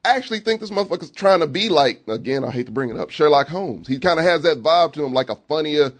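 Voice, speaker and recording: A man co-hosts a film review, chiming in and telling his take. His voice is husky and moves up and down a lot, pitched a bit high. He swears casually. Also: lively intonation, quick pace. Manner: chatty, profane, agrees often. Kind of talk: casual chat.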